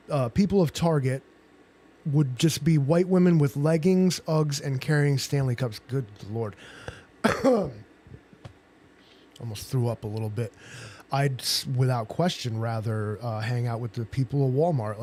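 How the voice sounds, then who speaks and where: A man's voice: medium pitch, a little mellow. A man hosting a casual livestream chat, rambling and joking with plenty of swearing. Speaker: livestream host.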